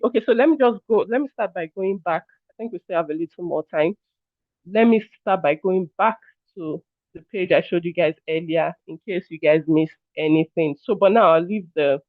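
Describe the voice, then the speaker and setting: A high-voiced man runs a live online workshop, talking casually and apologizing as he checks in with his audience. His voice comes through a narrow, phone-like video call line. The sound is dry, with no room echo. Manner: chatty, repeatedly addresses listeners as "guys". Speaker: workshop trainer. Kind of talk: live online training session.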